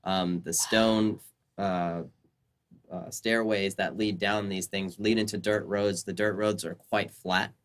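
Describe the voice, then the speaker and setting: A man's voice: fairly low pitch, steady tone, slow pace. A young man narrating as dungeon master, rambling through descriptions full of ums and uhs. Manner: rambling, filler-heavy descriptions. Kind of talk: narrating a tabletop game.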